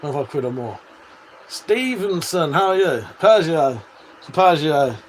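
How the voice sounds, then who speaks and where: This livestream host is a British man reading out viewer comments, casual and quick to swear and laugh as he replies. He speaks unhurriedly in a fairly high, sing-song voice, over the faint hum of a fan.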